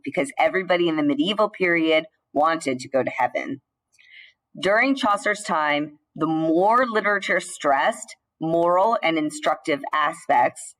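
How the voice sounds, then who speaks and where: A woman teacher gives a recorded slide lecture in a low voice, explaining in a measured way with the odd filler and restart. The audio quality is poor.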